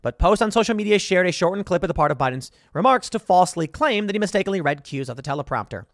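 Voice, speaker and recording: A man's voice: sits high, expressive, fast, no room sound, studio quality. A man giving political commentary, reading headlines aloud and reacting to them with sarcastic emphasis.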